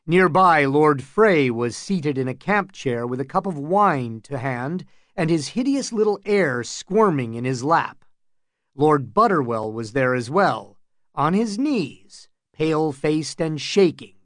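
A man narrating a fantasy audiobook in a measured, even manner. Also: on the high side, no echo, studio quality.

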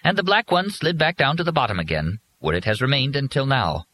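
A man's voice: medium pitch, big pitch swings, a little fast, bright, forceful tone, a little hiss or hum, voice pushed up. A man reading an audiobook, voicing a fussy, servile robot servant with formal, precise speech.

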